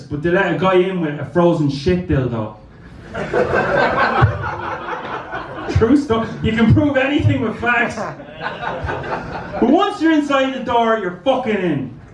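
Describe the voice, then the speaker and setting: A man's voice: high-pitched, reverberant, recorded from a distance, poor audio. A man doing a stand-up comedy set in a club, telling crude, rambling stories. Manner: crude, rambling anecdotal delivery.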